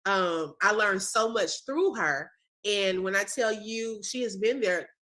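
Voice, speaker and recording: A woman's voice: medium pitch, slow, a bit bright. A woman hosting a casual video-call chat, praising a former student with emotion and often saying "when I tell you". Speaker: host, former teacher.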